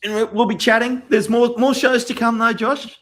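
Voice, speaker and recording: A man on a fan podcast, talking in a relaxed, rambling and slightly hesitant way as he signs off. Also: very high-pitched, moderate pace. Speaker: podcast guest. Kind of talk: casual sign-off chat.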